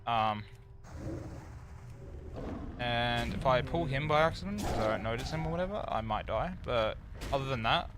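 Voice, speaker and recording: A man's voice: mid-range voice, lively intonation, moderate pace, long pauses, noisy background. A man streaming an online game, chatting casually in a loose, rambling way with plenty of fillers. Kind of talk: casual chat while gaming.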